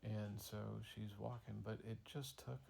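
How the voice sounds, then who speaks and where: Gravelly dad improvising a story. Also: male voice, lowish voice, a little slow, a little hiss or hum. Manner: relaxed, rambling, playful with fillers. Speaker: father telling a bedtime story.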